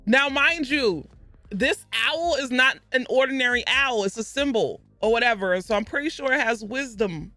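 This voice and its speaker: Book-club vlogger, chatty and rambling, bright tone, faint music underneath. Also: mid-range voice, lively intonation, moderate pace, dry recording. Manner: chatty and rambling, with self-corrections and asides. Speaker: book club video host. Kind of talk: casual book recap.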